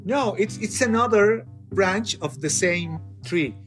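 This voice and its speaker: A man's voice: high voice, lively intonation, takes it slowly, fairly bright tone, faint music behind. A man, an interview guest searching for words in English. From Mexico.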